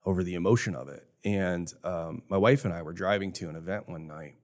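A man's voice: sits low, brisk, darkish tone. A man in his fifties who owns a jewelry store, talking earnestly and reflectively in a casual podcast conversation. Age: 50s. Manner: earnest, reflective, emotional at times.

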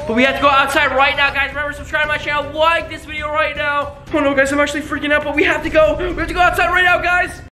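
Very high-pitched shouty reaction host. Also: quick pace, few pauses. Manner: shouty, gasping, breathless excitement. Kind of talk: excited reaction commentary. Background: background music.

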